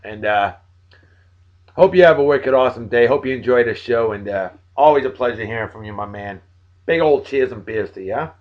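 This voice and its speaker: A tired man in his forties, hosting a video blog, giving friendly, joking shout-outs to friends and jumping between loud bursts and low mumbles. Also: animated, brisk, muffled recording. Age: 40s.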